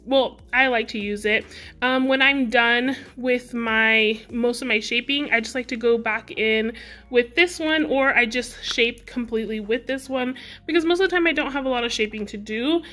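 A young woman with a high, light voice chatting directly to her viewers about nail products she bought. She talks in a casual, rambling way and giggles often. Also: normal speed, sharp tone. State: out of breath. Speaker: beauty vlogger. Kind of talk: casual product haul chat.

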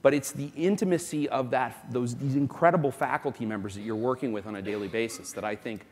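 A man from South Florida speaking as a company executive on a conference panel, emphatic and quick to make his point. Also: mid-range voice, a little mellow. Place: conference hall. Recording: long reverb of a conference hall.

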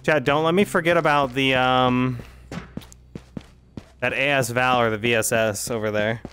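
A man streaming a game live, thinking out loud and talking straight to his chat as he plays. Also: mid-range voice, fairly even intonation, moderate pace. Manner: chatty, thinking aloud while playing. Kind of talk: live gameplay commentary to chat.

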